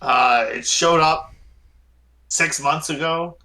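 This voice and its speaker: A man voicing a huge, irritable, foul-mouthed male baron with a large booming voice. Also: takes it slowly, pushed and bright. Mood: gruff. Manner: curses angrily.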